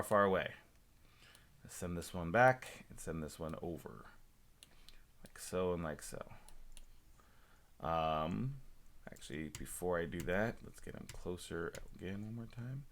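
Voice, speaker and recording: A man teaching a high school class through a screen-recorded software demo, talking to himself as he works and adding small jokes. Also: unhurried, pauses often. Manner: talks to himself while working, relaxed asides and small jokes.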